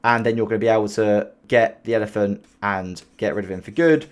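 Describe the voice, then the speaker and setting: A man's voice: fairly low pitch, steady tone, brisk. A man giving casual sales advice as a coach, chatty and loose, often acting out what people say on calls in a raised voice. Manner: loose and chatty, heavy on fillers, acts out quoted dialogue in a raised voice. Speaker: sales coach and call center founder.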